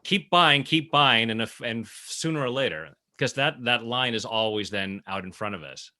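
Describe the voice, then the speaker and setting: A man's voice: lowish voice, moderate pace, sharp tone. A man hosting an interview, giving short affirmations, chuckling often and adding his own jokes. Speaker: host. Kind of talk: conversational interview.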